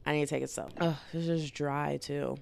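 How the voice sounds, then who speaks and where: A woman's voice: deep voice, steady tone, normal speed, creaky, no room sound. A woman in her twenties hosting a solo podcast, talking candidly and rambling in casual slang, her throat dry and irritated. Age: 20s. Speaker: podcast host.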